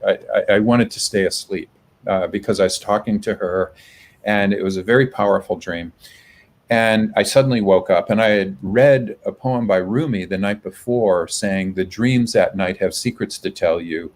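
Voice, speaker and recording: A man being interviewed over a video call, telling a personal story in a reflective, halting way. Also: on the low side, low-quality recording. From United States. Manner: reflective, halting, with soft restarts. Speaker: guest, public health professor.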